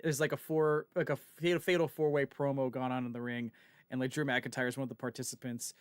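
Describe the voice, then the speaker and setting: A man co-hosting a gaming stream speaks quickly in a smooth, medium-pitched voice, with clean studio sound and no room noise. Chatting casually as he plays, he animatedly tells stories and laughs along the way.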